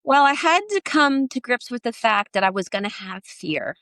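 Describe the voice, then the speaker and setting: Animated woman telling a sailing story. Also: fairly high pitch, normal speed, dry recording. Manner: animated, acts out quoted voices. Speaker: podcast guest, sailor and author. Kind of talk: storytelling in an interview.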